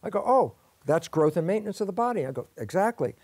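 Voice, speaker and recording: Lively man explaining with acted dialogue. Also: high-pitched, quick pace, dry recording. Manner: lively, acts out both sides of imagined dialogues. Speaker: guest scientist. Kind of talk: explanatory interview talk.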